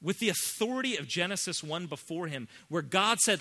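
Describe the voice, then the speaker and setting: Bright-voiced man preaching. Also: fairly high pitch, expressive, normal speed. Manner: emphatic preaching with wide swings from hushed to loud. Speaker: pastor. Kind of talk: sermon.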